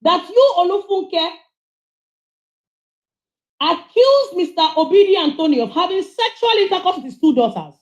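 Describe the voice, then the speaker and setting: A woman's voice: very high voice, lively intonation, moderate pace, pauses often, roomy sound, lo-fi sound. A woman giving passionate, scolding commentary on a livestream as she reads out charges.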